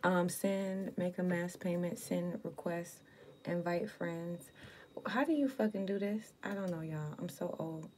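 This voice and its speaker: A woman's voice: fairly low pitch, unhurried, darkish tone, slight background noise. A woman giving a casual livestream tarot reading, chatting with viewers in slang and swearing now and then. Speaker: live tarot card reader.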